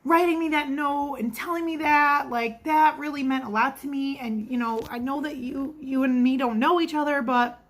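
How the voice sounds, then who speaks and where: Woman acting out a thankful female customer: high, gushing, effusive. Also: moderate pace, hardly any pauses, natural voice. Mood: grateful.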